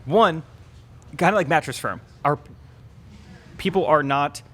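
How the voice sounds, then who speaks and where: A man's voice: on the high side, unhurried, bright, forceful tone. A young man co-hosting a podcast in casual chat, joking and spinning wry theories. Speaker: podcast co-host.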